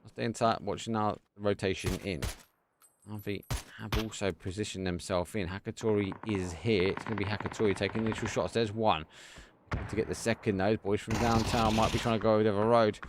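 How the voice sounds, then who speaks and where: Excitable esports caster. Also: male voice, lowish voice, background noise. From Essex, England. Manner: quick, excitable calls in short bursts. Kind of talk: live play-by-play game commentary.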